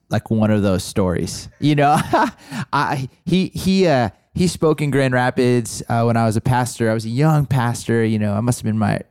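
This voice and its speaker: Podcast host, male, 40s, animated, stumbles and restarts, dry close mic. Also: medium pitch, clean tone, dry recording. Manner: animated storyteller, many restarts. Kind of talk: casual conversation.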